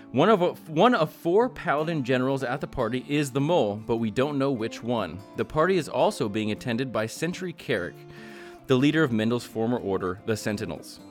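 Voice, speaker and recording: A man hosting a tabletop game podcast as dungeon master, recapping the story in an upbeat way. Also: mid-range voice. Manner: upbeat recap, laughs with players.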